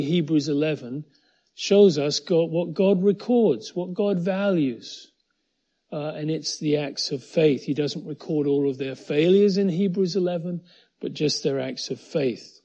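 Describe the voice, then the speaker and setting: A man preaching a sermon as pastor, emphatic and measured, repeating key phrases, in a muffled lo-fi recording. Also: a little high, dark tone. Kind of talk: sermon with prayer, streamed to viewers.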